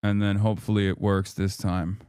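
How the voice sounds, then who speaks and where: Male streamer, mid pitch, smooth clear voice, dry close mic, exasperated and cursing. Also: little pitch movement, fairly quick, a little mellow, no room sound. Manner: frustrated, swearing, troubleshooting tech aloud. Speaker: livestream host. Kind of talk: live stream chat with viewers.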